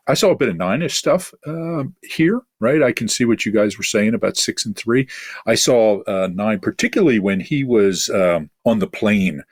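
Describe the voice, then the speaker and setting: A man with a very low, husky voice hosts a podcast conversation. He talks casually and haltingly, full of fillers and restarts. The sound is dry and close. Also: animated, dry recording. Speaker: podcast host. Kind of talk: casual discussion.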